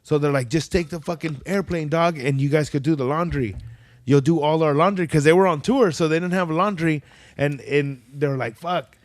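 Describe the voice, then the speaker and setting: In relaxed podcast talk, this man recounts stories at a normal pace in a higher-pitched voice, full of profanity and lively impressions of those he quotes. There's no echo.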